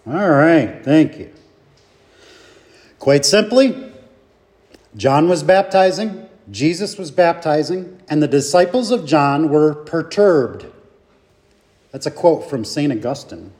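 A man's voice: fairly high pitch, expressive, takes it slowly, pauses often, darkish tone. A man leading a Bible study group, thinking aloud with rhetorical questions and fillers.

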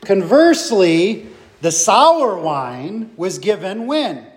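Brief: slow, thoughtful man with a high voice leading a group Bible study. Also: very animated. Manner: slow, reflective, thinking aloud with fillers and rhetorical questions.

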